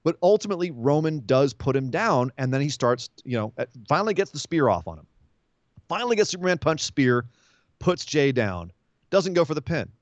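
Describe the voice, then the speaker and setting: A man hosting a wrestling podcast, giving an animated, casual recap and acting out quotes as he tells it. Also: a little high, fairly quick, no echo, muffled recording.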